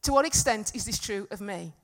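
A woman preaching a sermon to a congregation, earnest and emphatic, swinging from loud peaks to soft, quiet stretches. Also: mid-range voice, expressive, fairly quick. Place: church hall with congregation.

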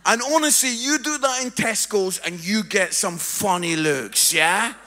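A man's voice: high voice, unhurried. A middle-aged man preaching a humorous sermon to a congregation, telling stories with comic impressions. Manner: animated storytelling with comic impressions. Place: church hall with congregation.

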